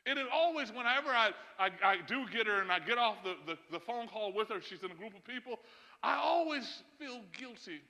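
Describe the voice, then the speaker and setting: A man's voice: very high voice, expressive, brisk, pushed and bright. A man pastor preaching a sermon to his congregation, emphatic, with chuckles and asides to the listeners. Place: church sanctuary. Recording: long church hall reverb.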